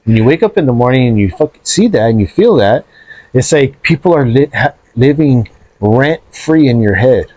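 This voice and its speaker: A man chatting casually on a podcast, animated and profane, dropping bro and dude often. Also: mid-range voice, normal speed, no echo.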